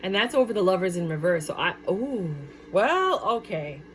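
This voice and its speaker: A woman giving a casual tarot card reading, chatty and excitable, often exclaiming at the cards. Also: medium pitch, normal speed, a little hiss or hum. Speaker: tarot reader.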